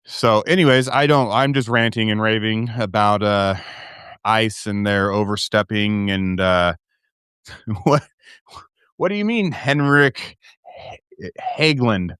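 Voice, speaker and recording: A man's voice: on the low side, slow, fairly bright tone, clean tone, dry recording, clean studio sound. A man hosting his own live stream, ranting heatedly and profanely, with many restarts. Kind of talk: casual live-stream rant.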